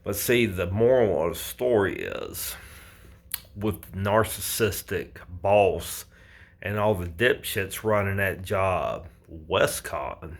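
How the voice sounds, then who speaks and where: A man's voice: low-pitched, slow. A man who works as a pipeline welder, telling a story to camera in a blunt, casual way with heavy swearing.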